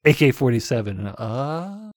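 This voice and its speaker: A man recaps a film in a loose, casual chat, laughing often as he acts out lines. His voice sits at an ordinary middle pitch, and the sound is close and dry with no room echo. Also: sing-song, moderate pace, darkish tone. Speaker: podcast co-host. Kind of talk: casual movie-review chat.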